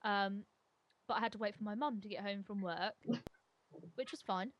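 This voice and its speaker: A woman telling a story casually over gameplay as a co-host. She is animated and self-mocking, and she often restarts her sentences. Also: mid-range voice, moderate pace. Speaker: gaming channel co-host.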